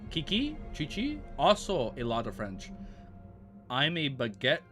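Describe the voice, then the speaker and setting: A man's voice: mid-range voice, wildly swooping pitch, measured pace, a bit bright, soft background music. An American man chatting casually with his live-stream viewers, joking around and laughing often. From United States. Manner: joking, laughs often, mock-French phrases.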